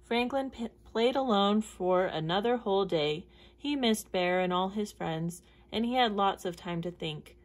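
A woman reading a children's picture book aloud in a clear, measured storytelling voice. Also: medium pitch. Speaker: storybook reader.

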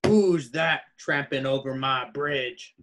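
A man's voice: medium pitch, slow pace, a bit bright. A man voicing a mean, ugly male troll who threatens to gobble up the goats in a storybook reading. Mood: threatening.

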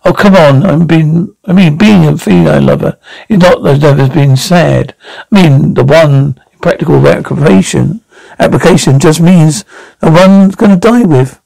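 A woman's voice: sits low, normal speed, gravelly, dark tone, dry recording, rough recording. An actress playing a wry, blunt single woman who owns a cat, speaking in a TV drama. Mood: dry. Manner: wry, blunt, self-mocking. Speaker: single cat owner at a party. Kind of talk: TV drama dialogue.

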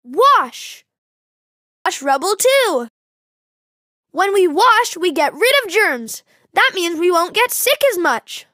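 A woman narrating a children's educational program in a clear, teacherly way. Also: very high-pitched, sing-song, takes it slowly, long pauses, bright, forceful tone, dry recording. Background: faint music.

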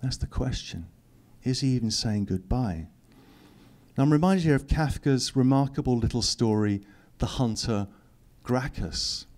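A man's voice: medium pitch, a little slow, darkish tone. Middle-aged man, author reading aloud at a public talk; dry wit. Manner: dry, teasing asides to the audience. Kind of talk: reading aloud and commenting to an audience. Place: lecture hall.

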